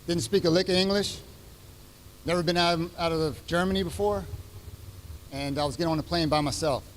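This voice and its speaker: A middle-aged man speaking at a retirement ceremony, heartfelt and halting as he restarts his sentences. His voice sits fairly high for a man, and a faint hum lies under it. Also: fairly even intonation, rough recording. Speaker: retiring chief master sergeant giving a speech. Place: ceremony venue.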